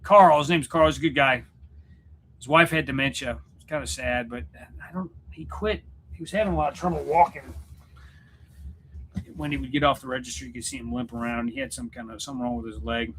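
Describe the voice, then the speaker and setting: A man with a bright, forward voice hosts a casual livestream chat. He rambles and jokes, restarting his sentences as he goes. A faint hum of noise sits under the voice. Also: mid-range voice, steady tone, a little fast. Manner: rambling, self-interrupting, joking. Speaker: YouTube channel host and musician. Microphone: computer setup at home.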